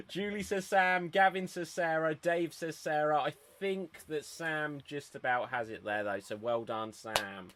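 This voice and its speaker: A man hosting an online improv show over a video call, brisk and chatty, laughing often. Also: a little high, fairly bright tone.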